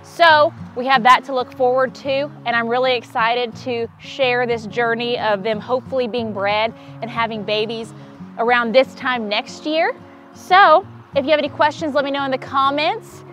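A woman's voice: a little high, moderate pace, a bit bright. A woman chatting casually in a farm vlog, gushing and laughing often, outdoors in a pasture. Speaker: vlogger on a donkey farm. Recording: roomy sound with guitar music behind.

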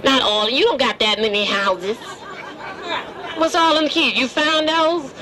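A man speaking as a cheeky ventriloquist's dummy teases strangers on a busy city street, brash, flirty and full of wisecracks. His voice is very high and his pace measured, with street crowd noise behind.

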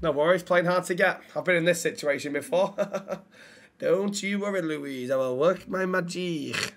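A man's voice: a little high, normal speed. A man from Manchester with a Mancunian accent, teasing and swearing through casual in-character banter as a role-play streamer. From Manchester, England. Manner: cheeky, teasing, sweary, calls people love.

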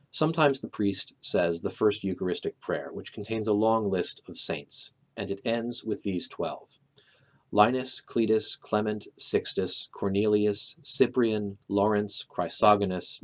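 A middle-aged man with a somewhat low voice teaches a memory method. He talks calmly and methodically, stepping through examples one by one with an occasional "uh". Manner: calm, methodical, a few filler "uh"s. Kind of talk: explaining with walk-through examples.

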